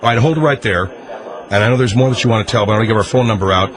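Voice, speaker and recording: A man's voice: on the low side, racing. A male radio talk host questioning a caller, probing and skeptical, cutting in often. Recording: radio broadcast with crowd behind.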